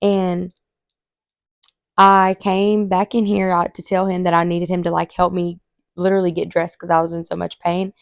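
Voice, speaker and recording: A woman, a podcast host telling a story casually and animatedly, acting out quotes in a high voice. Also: flat delivery, normal speed, creaky, no room sound, clean studio sound.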